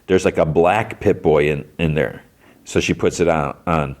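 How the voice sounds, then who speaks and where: A man with a very low voice runs through a TV episode scene by scene. His recap stays loose and conversational, packed with "he's like" and quick restarts. It sounds like a relaxed podcast host.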